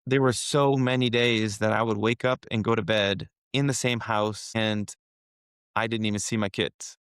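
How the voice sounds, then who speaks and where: A man's voice: on the low side, fairly even intonation, normal speed, a bit bright, clear, resonant tone, no room sound, studio quality. A man guest on a podcast, telling a personal story in an earnest, emotional way and then coaching his listener directly. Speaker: podcast guest, wealth manager. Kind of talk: casual conversational storytelling.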